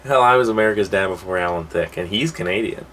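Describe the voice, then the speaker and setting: Low-voiced man tossing out quips. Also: quick pace, a bit bright, slight background noise. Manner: jokey banter with short quips. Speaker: co-host of a movie collection show. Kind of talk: casual chat.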